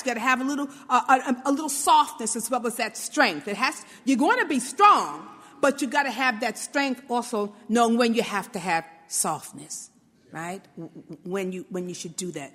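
A woman's voice: fairly high pitch, sharp tone, big-room sound. A woman from Brooklyn, giving an informal motivational talk and often checking in with "right?". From New York, Brooklyn. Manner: conversational, often asks "right?", acts out little quotes.

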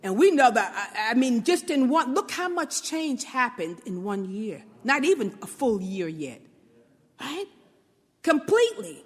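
High-voiced Brooklyn woman in a reverberant space. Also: very animated, unhurried, slightly rough. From New York, Brooklyn. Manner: conversational, often asks "right?", acts out little quotes. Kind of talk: informal motivational talk.

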